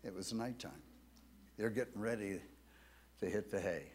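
A man preaching a sermon to his church in a measured, deliberate way. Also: on the low side, slight background noise. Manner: slow, measured preaching with lively rises and falls. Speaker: pastor.

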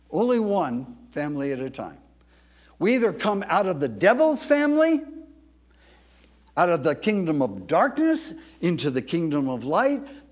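A male pastor delivering a sermon in a fairly high voice with a very lively, swooping pitch. He rises to booming emphasis for quoted lines, then drops back to a halting, filler-heavy chat with his congregation. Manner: animated, booming when quoting scripture, halting with many fillers.

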